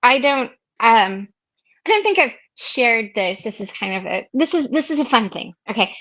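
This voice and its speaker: A woman's voice: fairly high pitch, sing-song, normal speed, a bit bright, highs cut off. A middle-aged woman hosting a recovery meeting, telling a personal story in a casual, chatty way, with many fillers and restarts, acting out what others said.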